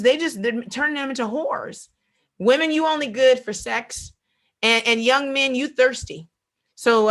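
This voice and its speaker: Speaking in a slightly high voice, this woman gives a Bible lesson like a lively sermon. She repeats phrases for emphasis and performs the voices of those she quotes.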